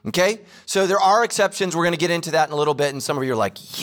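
A man with a high voice delivers a sermon. He is casual and jokey with his listeners, and he repeats the main points slowly for weight. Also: a bit bright. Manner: casual joking preacher, repeats key lines slowly. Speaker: pastor.

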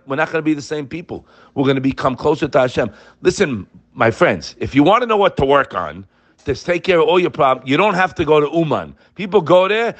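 Older man, sermon, impassioned, emphatic, lively pitch. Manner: impassioned, emphatic, fond of rhetorical questions. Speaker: religious teacher.

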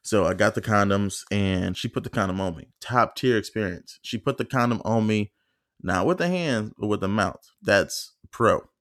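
A man's voice: on the low side, normal speed, a bit bright, no echo. A man hosting a solo podcast, telling a story in a casual, profane, rambling way with lots of fillers and acted-out quotes. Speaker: podcast host.

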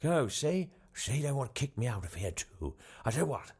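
A man puts on a bumbling prime minister who blusters down the phone, stumbling over his words and padding every thought with fillers. His pitch sits mid-range, and he pushes it well up whenever he gets flustered. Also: very animated, normal speed, darkish tone, husky. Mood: blustering. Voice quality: bumbling, rambling, full of filler. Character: blustering disgraced male prime minister, middle-aged. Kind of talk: comedy sketch phone call.

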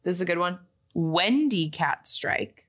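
A young woman co-hosting a casual chat show, reading out a list slowly and laughing often. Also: lowish voice, lively intonation, fairly bright tone. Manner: giggly, reads a list slowly with frequent laughs. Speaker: podcast co-host. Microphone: webcam with whiteboard behind.

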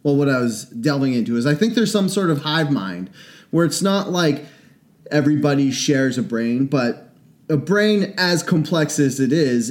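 A man's voice: medium pitch, darkish tone. A young man co-hosting a podcast, rambling and joking in casual chat, often trailing off into fillers. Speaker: podcast co-host.

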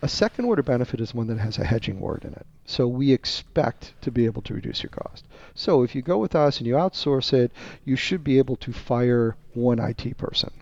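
Gravelly man, emphatic teacher, dull dry podcast sound. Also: medium pitch, lively intonation, brisk, hardly any pauses, a little mellow, no echo. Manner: emphatic, teacherly, acts out sample dialogue. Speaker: guest, research firm executive. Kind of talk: explaining sales method on a podcast.

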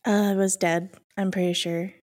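A woman co-hosting a podcast in casual chat, her voice husky after being ill, laughing and playful. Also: medium pitch, flat delivery, moderate pace, a little mellow. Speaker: podcast co-host.

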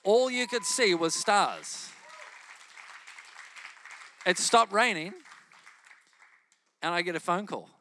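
A man preaching and telling a testimony story in an animated way, often laughing as he talks. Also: sits high, slow pace, long pauses, some chatter behind, slight background noise.

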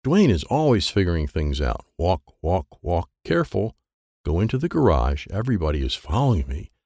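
A man narrates a children's storybook in simple, childlike first-person sentences. His voice sits low with a gravelly grain and very wide swings in pitch. The recording is close and dry. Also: big pitch swings, normal speed, a little mellow, no room sound. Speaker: audiobook narrator.

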